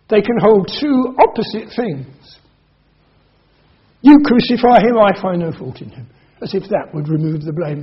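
A man preaching an expository sermon. He reads scripture aloud and then explains it, swinging between soft passages and emphatic ones. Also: sits high, husky, dull audio.

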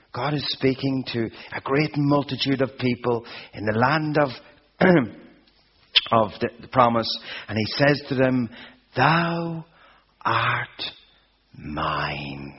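This dull, lo-fi recording captures a man delivering a sermon at an unhurried pace. His mid-range voice has a husky edge, and he stacks up emphatic, repeated phrases.

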